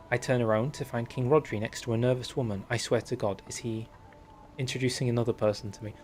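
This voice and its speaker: A man's voice: mid-range voice, normal speed, darkish tone, soft background music. Joking man commentating a strategy game. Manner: joking, reads game text aloud in mock voices. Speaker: game streamer. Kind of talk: casual gameplay commentary.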